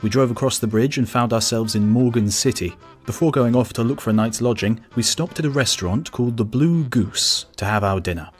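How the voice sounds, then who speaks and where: A man reading a travel story aloud as an audiobook narrator, measured and steady. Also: mid-range voice, soft background music. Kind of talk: scripted narration.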